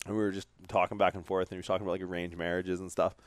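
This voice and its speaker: A Canadian man hosts a podcast, rattling off rambling, profane stories in casual conversation. His voice is deep and his delivery rapid-fire and energetic.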